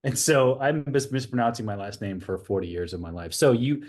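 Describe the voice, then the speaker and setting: A man in his forties from the United States, a retired army officer, telling stories in an interview, animated and laughing at himself. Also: medium pitch, fairly quick. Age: 40s. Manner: animated storyteller, acts out dialogue, laughs at himself. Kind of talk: conversational interview storytelling.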